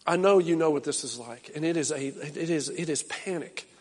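A middle-aged male pastor preaching a sermon, swinging from loud impassioned calls to low, quiet urging. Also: normal speed, in a large hall.

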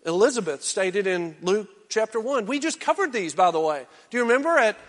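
A male pastor preaching a sermon, swinging from loud exhortation down to hushed, intense near-whispers. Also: high-pitched, lively intonation, a little fast, in a large hall.

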